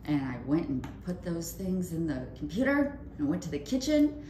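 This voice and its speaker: Low-voiced woman telling animated stories. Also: moderate pace. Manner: animated, acts out quoted voices with big pitch jumps. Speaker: podcast co-host. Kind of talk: casual storytelling chat. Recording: echoey room with faint noise.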